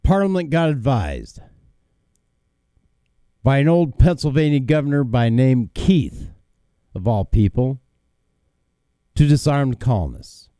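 Combative talk radio host, slow and lively. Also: male voice, medium pitch, no room sound. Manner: combative, emphatic, with repeated words and fillers. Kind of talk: opinionated talk radio monologue.

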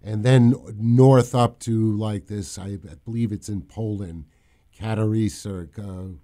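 A man's voice: fairly low pitch, fairly even intonation, measured pace, warm tone. A man on a podcast recounting a news story in casual, run-on talk. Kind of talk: casual chat.

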